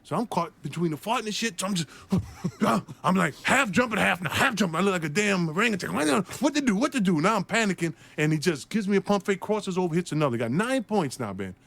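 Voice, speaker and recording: Speaking fast in a high male voice with some vocal fry, the ex-basketball player relates a spirited story for an interviewer. He laughs frequently and acts out what each person said.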